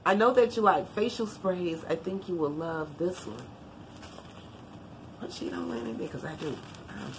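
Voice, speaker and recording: A woman's voice: deep voice, a little hiss or hum. A woman vlogger chatting casually while unboxing gifts, a bit congested and tiring easily. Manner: chatty, animated, Southern-style "y'all" talk.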